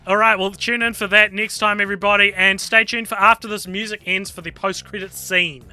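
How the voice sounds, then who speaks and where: A man co-hosting a podcast, his voice high and piercingly bright. He jokes around and laughs often, recorded dry and close. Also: steady tone, fairly quick, no echo. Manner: jokey and playful, laughs often. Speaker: podcast co-host. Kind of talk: casual chat.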